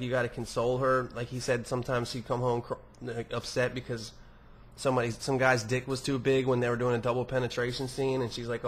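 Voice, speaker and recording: A young man with a mid-range voice hosts a podcast, reading listener emails aloud and answering them in a rambling, profane, casual monologue full of restarts.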